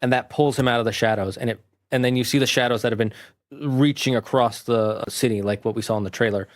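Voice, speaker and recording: A man reviewing a movie, casually retelling its plot in a rambling, animated way. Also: medium pitch, quick pace.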